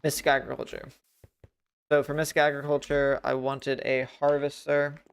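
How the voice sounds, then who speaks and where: A man talks through his game on a livestream, rambling and poking fun at himself as he works things out. His voice has a gravelly, creaky texture, yet it stays smooth and clear on his desk mic. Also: a little high, completely flat delivery, moderate pace. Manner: thinks aloud, rambling and self-mocking. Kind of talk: casual gameplay commentary. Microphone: desk mic with noise gate.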